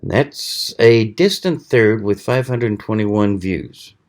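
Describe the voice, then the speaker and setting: A man hosting his own channel, talking casually in a slow, rambling way with many pauses and fillers. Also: lowish voice, lively intonation, darkish tone. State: hiccuping. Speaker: channel host. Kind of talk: casual knife review vlog.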